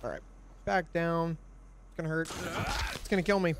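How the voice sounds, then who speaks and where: A man's voice: a little high, fairly even intonation, normal speed, clear, resonant tone. A man hosting a let's play, commenting on his game in a frustrated, profane, ranting way. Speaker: gaming channel host.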